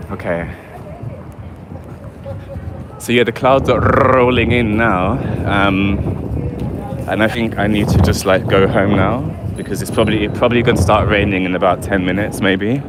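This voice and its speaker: A man's voice: lowish voice, fairly even intonation, measured pace, long pauses, very noisy. A man from England with a London accent, chatting casually on a live walking-tour stream and reading viewer comments aloud while walking outdoors on a city street. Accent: London English. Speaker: vlogger.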